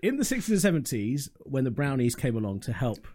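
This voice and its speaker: A man's voice: medium pitch, very animated, mellow. A man explaining and chiming in with giggles during casual comedic banter. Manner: giggly, explanatory, quick to chime in. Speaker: podcast co-host.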